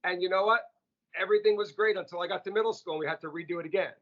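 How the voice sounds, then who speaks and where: A man being interviewed as a restaurant chief, telling stories in a lively, casual way and often repeating words. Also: high voice, rapid-fire. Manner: animated, repeats words when excited. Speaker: restaurant CEO, interview guest. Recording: muffled lo-fi audio.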